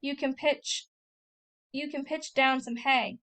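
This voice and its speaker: Lady doing a nosy little farm kid, high voice, always pleading or scolding about sins. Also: fairly even intonation, slow pace, fairly bright tone. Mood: eager. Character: young farm boy, eager, nosy and pious.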